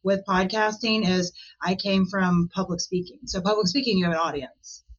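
A chatty, animated woman talks freely as an interview guest, laughing often as she goes. Her voice sits in an ordinary middle range. The recording is a little dull and lo-fi. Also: mid-range voice, moderate pace. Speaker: podcast guest and podcaster. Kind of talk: casual interview chat.

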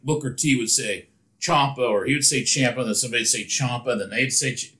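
A man's voice: medium pitch, fast, fairly bright tone. An opinionated man co-hosting a casual podcast, often restarting his sentences. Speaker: podcast co-host. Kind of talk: casual chat.

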